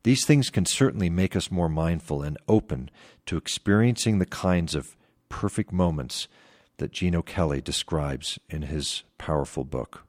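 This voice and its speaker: A man in his fifties hosting a podcast, telling a reflective story in a scripted monologue. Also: normal speed. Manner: reflective storytelling with lively pitch swings. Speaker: podcast host.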